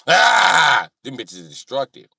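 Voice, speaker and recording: A man's voice: sits low, normal speed, husky, dry recording, clean studio sound, far from the mic. A man hosting a livestream, ranting casually and joking with lots of swearing. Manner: animated, joking, swings loud and quiet. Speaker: livestream host. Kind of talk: casual profane comedic rant.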